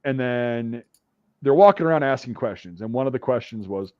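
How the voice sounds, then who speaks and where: A man hosting a casual talk, telling a profane story and acting out drill sergeants' shouts. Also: medium pitch, lively intonation, moderate pace, no echo, lo-fi sound. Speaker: podcast host.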